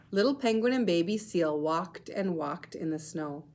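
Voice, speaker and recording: A woman teacher reading a picture book aloud to her class, slow, clear and expressive. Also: fairly low pitch.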